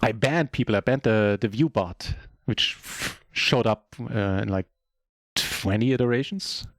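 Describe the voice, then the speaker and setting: A German man whose first language is German, chatting casually in a relaxed, self-deprecating way while commentating his own poker game on a live stream. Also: on the low side, measured pace, dry recording.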